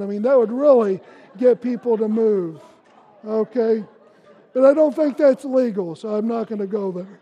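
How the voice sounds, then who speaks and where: A man's voice: high voice, gravelly, warm tone, long reverb tail. A male pastor preaching a sermon, telling everyday stories with punchy, emphatic bursts.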